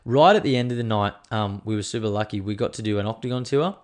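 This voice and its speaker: A man's voice: fairly low pitch, quick pace. A man hosting a podcast, rambling in a loose, chatty way and swearing freely. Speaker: podcast host. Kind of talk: casual chat.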